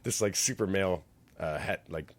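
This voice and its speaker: Rambling low-voiced man chatting. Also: moderate pace. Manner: rambling, laughs while retelling scenes. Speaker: podcast co-host. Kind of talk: casual chat. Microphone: podcast mic.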